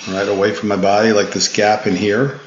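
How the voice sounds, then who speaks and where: A tired man with a low voice coaches a golf student through a swing analysis, patient and instructive and often restarting his sentences. The recording is echoey and dull, with a lo-fi edge. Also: level tone, brisk, slight background noise. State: tired, yawning. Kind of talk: swing analysis voice-over lesson.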